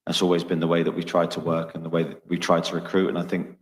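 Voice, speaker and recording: Deep, flat-voiced man answering press questions carefully, echoey room with long reverb. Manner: measured, guarded, hesitant. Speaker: football club manager. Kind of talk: press conference.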